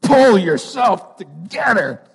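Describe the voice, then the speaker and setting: A man voicing a tiny, fierce, bossy older woman friend from a cartoon film, giving brisk, commanding orders. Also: high voice, big pitch swings, creaky, husky, in a large hall, pitched above the performer's own voice, heavily acted. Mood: scolding.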